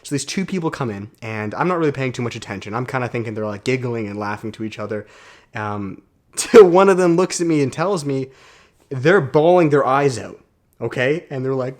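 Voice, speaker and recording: Young man, self-development vlogger, casual, energetic, slangy storytelling, quiet room. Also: medium pitch, moderate pace. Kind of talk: casual talk to camera.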